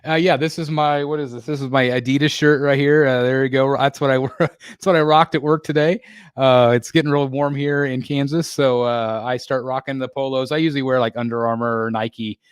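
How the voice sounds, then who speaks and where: With a medium-pitched, steady and smooth voice, a man hosts a casual livestream from a home room being built. There's no echo, and the audio is studio quality. Reading viewer comments, he halts often, restarts, fills gaps with fillers and laughs a lot.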